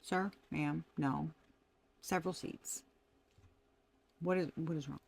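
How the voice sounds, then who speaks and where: A woman's voice: low voice, steady tone, slow pace, vocal fry, darkish tone, husky. A woman giving a casual tarot reading, talking animatedly, laughing often and swearing freely. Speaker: tarot reader.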